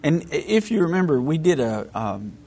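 A man's voice: a little high, very animated, moderate pace, gravelly, darkish tone, slightly rough. A man from Texas with a Texan accent, co-hosting a casual religious talk show in a laid-back, hesitant way. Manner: laid-back, hesitant, lots of ums and laughs. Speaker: podcast co-host.

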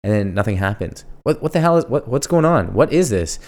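A man hosting a casual solo podcast, asking himself questions and answering them in a jokey, animated way. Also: on the low side, fairly quick. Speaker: podcast host.

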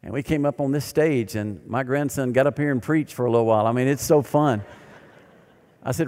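An older man preaching a sermon as pastor, animated and then dropping to quiet emphasis. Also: medium pitch, normal speed. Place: church sanctuary. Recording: long reverb of a large hall.

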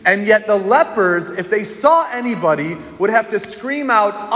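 A man preaching a lively sermon to children, leading them in call-and-response. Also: sits high, normal speed, hardly any pauses, a little hiss or hum. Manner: animated, leads call-and-response shouting. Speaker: priest. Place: church. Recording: echoey church hall.

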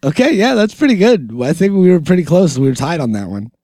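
A man chatting casually on a podcast and telling a story, joking and laughing often. His voice sits a little high. It sounds close and dry. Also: big pitch swings, fast talker, dark tone, no echo. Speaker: podcast co-host. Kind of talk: casual chat.

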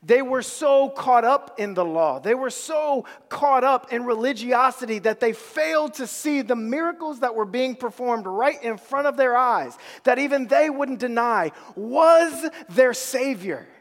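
A man's voice: very high-pitched, animated, measured pace, hardly any pauses, in a large hall. A man preaching a sermon, with emphatic repetition and casual slang.

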